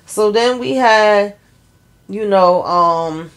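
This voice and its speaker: A woman's voice: medium pitch, extremely slow. A woman casually recapping a TV episode scene by scene, in loose, chatty storytelling with wry asides. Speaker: show recap vlogger.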